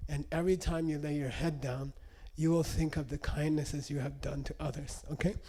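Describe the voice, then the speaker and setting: Animated male meditation teacher. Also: on the high side, moderate pace. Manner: animated storyteller, checks in with frequent questions. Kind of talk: spoken teaching with anecdotes.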